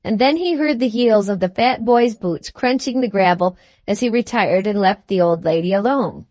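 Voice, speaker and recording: A woman narrating an audiobook of a classic novel in a measured, unhurried way. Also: mid-range voice, a little mellow, dry recording. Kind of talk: scripted narration.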